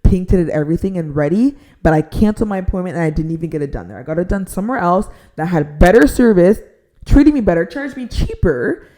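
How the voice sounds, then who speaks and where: Exasperated young woman ranting, mellow voice. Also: fairly low pitch, animated, quick pace. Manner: exasperated, heavy use of "like", drops to a near-whisper to avoid shouting. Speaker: storytime vlogger. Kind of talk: casual storytime rant.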